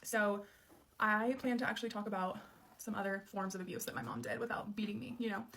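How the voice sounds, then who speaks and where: A woman's voice: medium pitch, a little fast, fairly bright tone, a little hiss or hum. A woman in her late twenties telling a personal story in a candid, casual way, full of "um" and "like". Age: late 20s. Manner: candid, conversational, many "um" and "like" fillers. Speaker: storyteller sharing her childhood.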